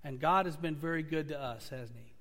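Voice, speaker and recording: Male pastor, high voice, earnest storyteller rising and falling in volume, church sanctuary with long reverb. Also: a little fast, a bit bright. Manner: earnest storytelling preaching, swelling and dropping in volume. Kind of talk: sermon.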